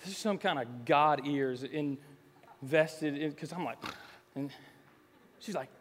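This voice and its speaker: A male pastor with a high, light voice delivers a sermon, moving from relaxed storytelling into swelling, emphatic appeals. His words ring out with the long reverb of a large church hall. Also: takes it slowly, slight background noise. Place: church sanctuary.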